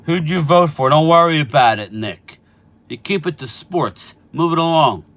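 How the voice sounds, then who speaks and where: A middle-aged man hosts a sports channel live stream, chatting casually about football, reading out viewer names and replying to them. His voice sits on the high side, fairly bright, with lively intonation at a normal speed. He sounds a bit stuffy from allergies.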